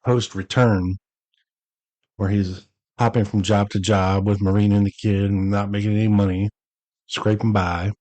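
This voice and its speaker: A man hosting a podcast, reading an old statement aloud and breaking off for relaxed, chatty asides with drawn-out emphasis. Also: on the low side, no echo, poor audio. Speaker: podcast host.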